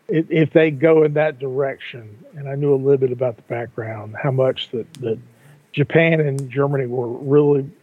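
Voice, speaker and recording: On a casual podcast, an older co-host with a medium-pitched, slightly rough voice rambles, restarting sentences and repeating himself frequently. The recording is dry, over a tinny, phone-like line.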